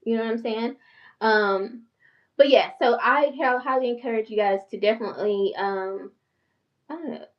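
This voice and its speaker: A woman in her forties with a thick country North Carolina accent chats with her viewers at a quick, excitable pace, her tone passionate and raised in pitch. She sits a little back from the microphone. The recording sounds muffled and slightly distant. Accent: Southern US, North Carolina country. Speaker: channel host and therapist. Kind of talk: casual vlog talk to viewers.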